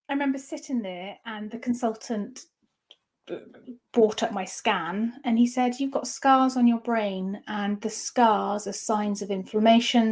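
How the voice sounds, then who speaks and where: Her voice a touch high, a woman in her thirties speaks frankly as an interview guest about something personal. The telling is halting, full of false starts.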